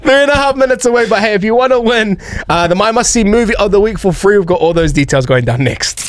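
A man's voice: high voice, lively intonation, quick pace, no echo. A man co-hosting a radio show, bantering in an easygoing, playful way and reading promos. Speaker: radio co-host.

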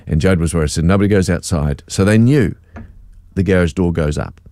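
A man's voice: sits low, fairly quick, dry recording. A middle-aged man hosting breakfast radio, telling a story casually, self-mocking and acting out what was said. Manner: animated, self-mocking, acts out quotes. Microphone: studio microphone.

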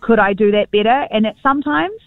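A woman's voice: fairly high pitch, fast talker, no room sound. Chatty New woman, dull line. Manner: chatty, self-deprecating, rambling. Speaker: sports broadcaster guest. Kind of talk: casual radio chat.

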